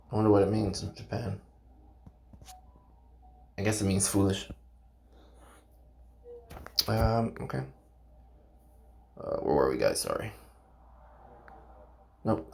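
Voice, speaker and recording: A channel host reads a game novel aloud in a loose, unpolished way, his voice lowish, gravelly and darkish. He's halting, stumbling over names and restarting sentences, and keeps breaking off between passages to chat with viewers, making it a casual read-aloud with commentary.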